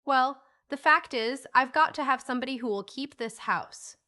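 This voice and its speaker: Woman reading as a brusque, impatient old gentleman. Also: high-pitched, moderate pace, pitched above the performer's own voice. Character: impatient, gruff old gentleman, wealthy and bossy.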